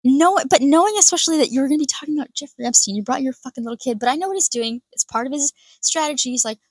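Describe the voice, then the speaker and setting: A woman's voice: high voice, lively intonation, fast talker, hardly any pauses, no echo. A woman giving a profane, sarcastic reaction commentary, swearing often and mocking others in put-on voices.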